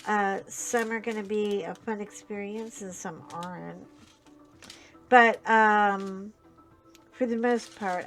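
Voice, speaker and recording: A woman chatting casually while she crafts, telling a long story in a rambling, animated way, full of fillers and restarts. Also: fairly high pitch. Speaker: crafting channel host.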